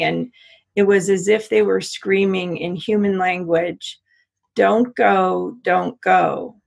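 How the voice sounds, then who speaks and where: Middle-aged american woman, gravelly husky voice, halting storytelling w lots of restarts. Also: mid-range voice. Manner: halting, many restarts and repeats. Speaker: interview guest. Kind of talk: personal story in conversation.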